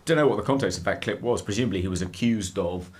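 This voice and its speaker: A man's voice: on the low side, fast talker, darkish tone, a little hiss or hum. Middle aged guy rambling on a podcast, lots of ums and uhs, stops and starts. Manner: hesitant, many fillers and restarts. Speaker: podcast co-host. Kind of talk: casual chat.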